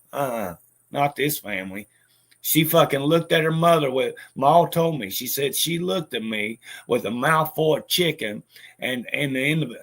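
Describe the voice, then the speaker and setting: Bitter, foul-mouthed man with a slightly high voice. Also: fairly bright tone. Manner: bitter, heavy swearing, stammered restarts. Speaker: storyteller. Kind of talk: casual spoken monologue.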